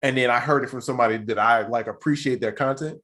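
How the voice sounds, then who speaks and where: A man co-hosting a podcast in relaxed, slangy casual chat, laughing easily. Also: medium pitch, quick pace. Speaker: podcast co-host.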